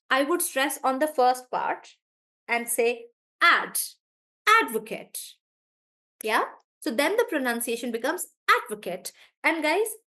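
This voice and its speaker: A woman's voice: sits high, fairly bright tone. A woman teacher, chatty in a live online class, explaining word stress through spoken examples. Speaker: English pronunciation teacher.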